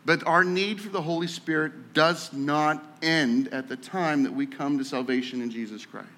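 A man preaching a sermon as pastor, talking in a conversational, animated way and often repeating words as he tells a story. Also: a little high, moderate pace. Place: church sanctuary. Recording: echoey hall with long reverb.

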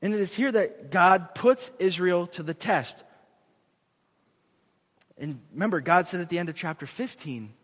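High-voiced young man preaching in a hall. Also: measured pace, long pauses. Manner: earnest, animated, self-deprecating. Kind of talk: sermon. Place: church sanctuary. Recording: long echo of a large hall.

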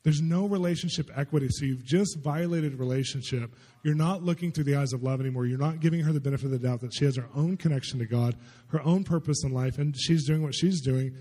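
A man preaching in a relaxed, storytelling way, words tumbling out quickly in a husky, mellow voice. His talk rambles conversationally with plenty of fillers, and a long reverb from a big hall trails behind him. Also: fairly high pitch. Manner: conversational, chatty, lots of filler "like". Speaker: pastor. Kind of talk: storytelling sermon.

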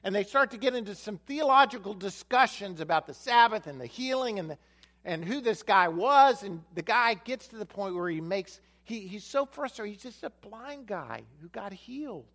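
Lively storytelling male preacher. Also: high-pitched, normal speed. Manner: storytelling, acts out the dialogue of a Bible story; repeats phrases for emphasis. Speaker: pastor. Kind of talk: sermon.

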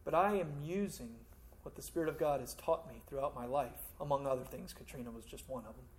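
A man preaching a sermon as a pastor, talking conversationally and swinging between loud emphasis and hushed asides. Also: medium pitch, a little fast.

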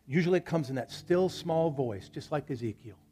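A man's voice: a little high, lively intonation, a little fast, mellow, slightly rough. A male pastor preaching a sermon at a church service, talking to the congregation in a conversational way and telling stories between scripture quotes.

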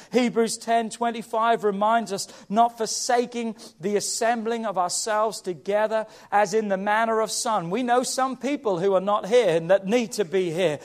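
A man's voice: sits high, moderate pace. A man preaching a sermon as a pastor, emphatic and exhorting, often urging his congregation on. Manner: emphatic, exhorting, repeats "come on". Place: church.

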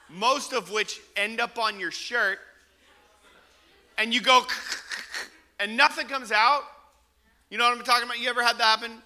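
A man's voice: high voice, clear, resonant tone. A man, a pastor opening his sermon with a funny everyday story and talking straight to the congregation. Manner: animated, humorous storytelling with asides to the congregation.

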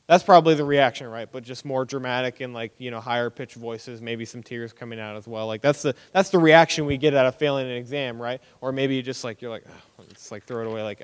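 A young man giving a casual, conversational sermon as a preacher, animated and acting out everyday reactions. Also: mid-range voice, fairly quick. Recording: long hall reverb.

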